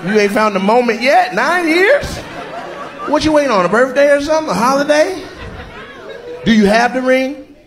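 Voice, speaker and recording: A man doing stand-up crowd work in a large theater, teasing audience members in with loud bursts. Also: very high-pitched, expressive, measured pace, pauses often. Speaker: stand-up comedian. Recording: crowd laughter and noise.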